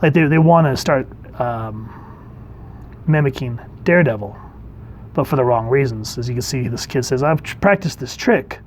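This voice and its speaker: A man, a dad, casually reviewing an old comic book and reading panels aloud in a chatty, relaxed way. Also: medium pitch, normal speed, long pauses, a little hiss or hum.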